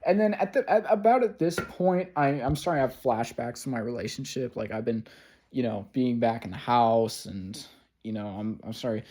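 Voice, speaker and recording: A young man telling a long story to a camera at home in a rambling, swearing way, full of fillers, with sudden loud sarcastic outbursts. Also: medium pitch, moderate pace. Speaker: vlogger. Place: home room. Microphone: camera mic.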